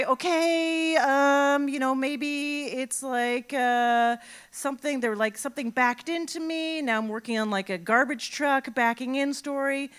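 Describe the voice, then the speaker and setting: A middle-aged woman telling a personal story on stage, animated and self-mocking. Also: a little high, clean tone. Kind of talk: live storytelling.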